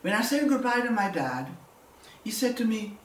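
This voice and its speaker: A woman's voice: fairly high pitch, sing-song, normal speed, a little hiss or hum. Older woman, roomy and distant. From Belgium. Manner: vivid storytelling with repeated words. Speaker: war survivor. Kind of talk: personal testimony. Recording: roomy, distant mic, faint ambience.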